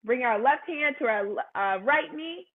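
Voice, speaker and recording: Woman yoga teacher for a family class; slow, playful, encouraging; thin phone-line sound. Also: high-pitched, expressive. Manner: playful, encouraging, sing-song cues. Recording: tinny phone-like livestream audio.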